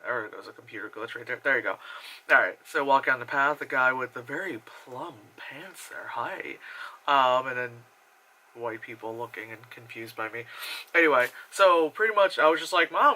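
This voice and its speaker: A man's voice: medium pitch, normal speed. A young man from New Jersey with an American accent, doing casual, profane voice-over commentary on his own travel footage and laughing often. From New Jersey, USA. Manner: casual, swears freely, laughs often, animated impressions. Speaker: vlogger.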